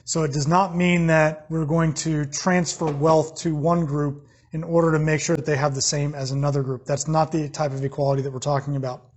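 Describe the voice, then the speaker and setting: American man, teacher, slightly raised pitch with a husky edge, plain lecture delivery. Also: level tone, brisk, few pauses. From United States. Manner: plain explanatory, with fillers and restarts. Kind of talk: recorded class lecture.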